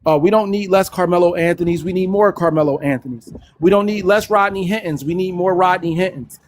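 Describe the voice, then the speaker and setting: A man's voice: sits high, a little fast. A man from North Philadelphia with a Philadelphia accent, a caller in a heated live-stream debate whose voice rises when he gets passionate.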